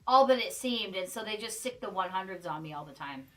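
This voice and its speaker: A woman's voice: mid-range voice, lively intonation, fairly quick, sharp tone. A woman streaming a game and chatting casually with her viewers, joking as she plays. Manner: chatty, joking asides to chat. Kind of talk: casual gameplay livestream chat.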